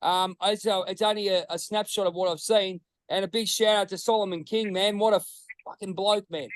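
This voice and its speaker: Australian host, excitable rambler, higher pitch, dry close mic. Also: male voice, brisk, no room sound, poor audio. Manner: rambling, excitable, swears freely. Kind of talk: casual chat.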